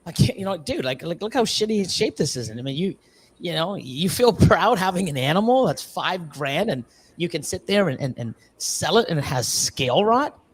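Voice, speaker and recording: A man on a livestream, a snake breeder, telling stories with lots of swearing and quick voiced quotes of other people. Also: high voice, big pitch swings, breathy edge. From Canada. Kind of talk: casual livestream chat.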